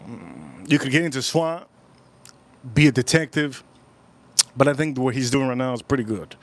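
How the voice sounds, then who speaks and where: A man hosting a casual livestream, rambling and repeating his phrases as he chats with viewers at home. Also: medium pitch. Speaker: livestream host.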